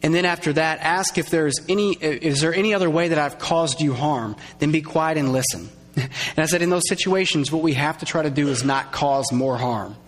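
A man preaching a sermon, conversational and lively, acting out little quoted voices and drawing in his congregation. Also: fairly high pitch, moderate pace. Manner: conversational, acts out quoted voices, engages audience. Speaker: pastor. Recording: long reverb of a large hall.

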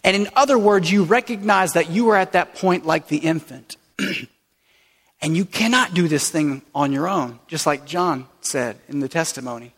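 Male pastor, high voice, casual playful sermon delivery, long hall reverb. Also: moderate pace, fairly bright tone. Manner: playful, conversational preaching with asides to a baby. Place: church sanctuary.

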